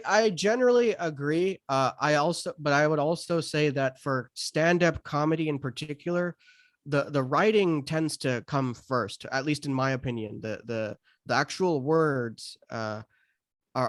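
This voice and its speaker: A man's voice: mid-range voice, no room sound, studio quality. A man in his thirties from the United States, a stand-up comedian talking casually on a podcast with frequent restarts and fillers. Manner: hesitant, many restarts and fillers.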